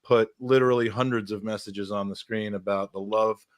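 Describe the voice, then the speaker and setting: A man's voice: fairly low pitch, steady tone, normal speed, no room sound. A man hosting a charity livestream podcast, chatting in a casual, upbeat and jokey way. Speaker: host.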